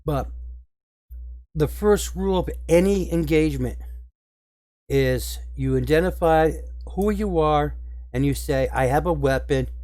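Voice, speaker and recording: Guy ranting to his viewers, kinda high voice, upset and emphatic, dry close sound. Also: darkish tone, dry recording. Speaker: video commentator. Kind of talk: casual spoken commentary.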